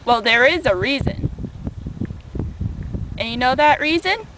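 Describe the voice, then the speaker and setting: A woman's voice: sits high, expressive, unhurried, background noise. A young woman vlogging outdoors from a small boat on a lake, talking through a rambling, chatty rant into a handheld camera. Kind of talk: casual video rant.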